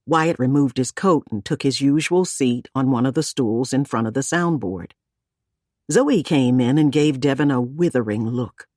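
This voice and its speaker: A woman reading an audiobook in measured scripted narration, giving each character a voice. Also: a bass voice, darkish tone, dry recording, studio quality.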